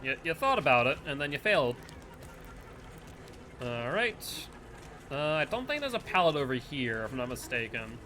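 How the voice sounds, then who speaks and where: A man's voice: medium pitch, big pitch swings, moderate pace, pauses often, bright, forceful tone, slight background noise. A man with a Northeastern US accent, streaming a game live and rambling to chat between plays. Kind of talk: live gameplay commentary and chat.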